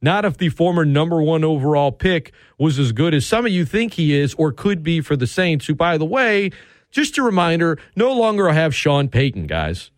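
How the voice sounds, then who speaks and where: A man runs a heated sports radio rant, sarcastic and emphatic. His fairly high voice swoops all over as he drives his points home, and the studio sound is close and dry. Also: very animated, normal speed, dry recording.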